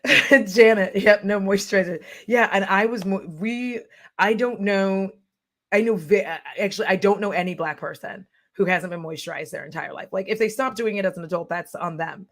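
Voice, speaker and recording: Brief: young woman livestream host, lively and emphatic, casual chat, laughs a lot. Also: medium pitch, brisk. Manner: animated, emphatic, laughs often, acts out quotes.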